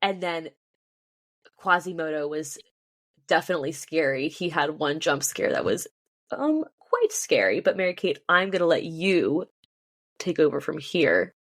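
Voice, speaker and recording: A woman's voice: low-pitched, sing-song, unhurried, no echo, clean studio sound. A young woman co-hosting a podcast, chatting enthusiastically with plenty of ums and likes. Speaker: podcast co-host. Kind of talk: casual chat.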